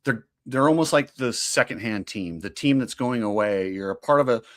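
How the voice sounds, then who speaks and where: Man, casual talk-show co-host, opinionated, laughs easily, middle pitch. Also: animated, moderate pace. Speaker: podcast co-host. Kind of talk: casual motocross chat.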